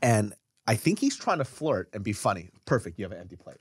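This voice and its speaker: A man's voice: quick pace, breathy edge, dry recording, studio quality. A man hosting a podcast, telling a story casually and profanely, his voice jumping up when he gets riled. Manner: animated, profane, jumps up in pitch when riled. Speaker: podcast host.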